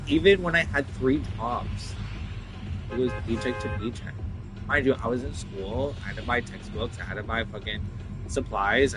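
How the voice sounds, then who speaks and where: A man's voice: mid-range voice, low-quality recording. A man ranting casually and profanely while playing a video game, rambling with lots of "like" and quoted voices. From Italian. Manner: profane, rambling rant full of "like". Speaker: gaming streamer.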